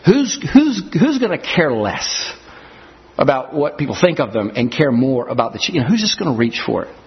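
A man preaching a sermon in an animated way, acting out scenes from scripture and everyday life. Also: mid-range voice, normal speed. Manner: animated, acts out scenes in character voices. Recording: dull lo-fi audio.

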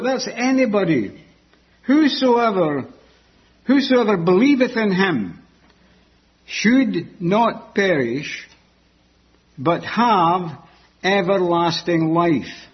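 Slow, emphatic preacher man. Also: high voice, animated, husky. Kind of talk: sermon. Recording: dull lo-fi sermon recording.

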